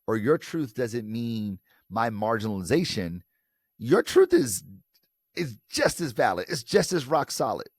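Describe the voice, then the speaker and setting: An American man from Detroit, a professor and author, talking in an interview in a lively way and acting out quoted voices. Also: fairly low pitch, no echo, studio quality. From Detroit, United States. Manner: animated, acts out quoted voices. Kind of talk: conversational interview.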